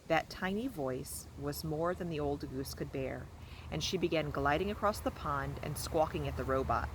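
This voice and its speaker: A woman's voice: sits low, moderate pace, slight background noise, poor audio. A woman reading a children's novel aloud outdoors in a backyard fort, recorded on a phone, with casual asides. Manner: casual asides between narration. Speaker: storybook reader.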